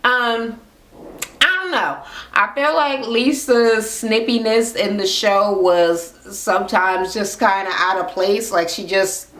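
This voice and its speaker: A woman's voice: on the high side, a bit bright. A woman recapping reality TV in a casual rant, blunt and swearing a lot. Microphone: camera mic. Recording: roomy echo.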